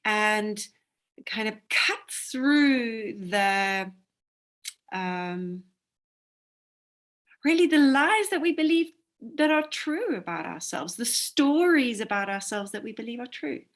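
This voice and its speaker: A woman talking casually on a video call, pausing often as she searches for her words. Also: fairly high pitch, expressive, a bit bright. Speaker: course teacher. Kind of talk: casual conversation.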